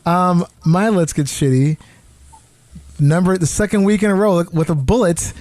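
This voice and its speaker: Profane, animated male podcast host. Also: sits high, moderate pace, no room sound. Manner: profane, animated, acts out quotes. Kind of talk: casual comedic chat. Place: New York.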